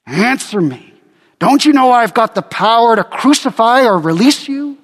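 Preacher man doing a fed-up roman governor, pitched up, slow and scornful, big church echo. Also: animated. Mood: threatening. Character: exasperated Roman governor, middle-aged man.

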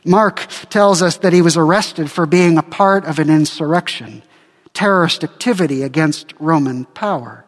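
A man's voice: on the high side, moderate pace, big-room sound. A male pastor preaching a sermon dramatically, acting out the quoted speakers.

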